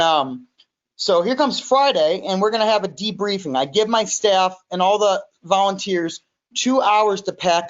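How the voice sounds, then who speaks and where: A man, a guest on a business podcast, telling a story in an animated way, quoting himself and repeating words. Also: high voice, highs cut off. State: recovering in hospital. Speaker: podcast guest, music studio owner. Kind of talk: casual storytelling.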